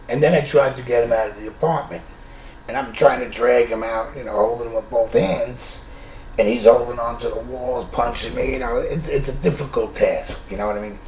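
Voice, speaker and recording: A man in his fifties from New York with a New York accent, telling a true story in a blunt, profane, conversational way. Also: medium pitch. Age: 50s. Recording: roomy room with faint noise.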